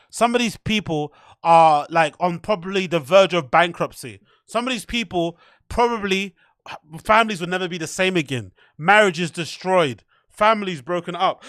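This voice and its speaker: Host roasting clips, swears a lot, exasperated, sharp bright tone, dry sound. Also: male voice, high-pitched, no echo. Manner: mocking, profane, exasperated. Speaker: show host. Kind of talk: reaction commentary.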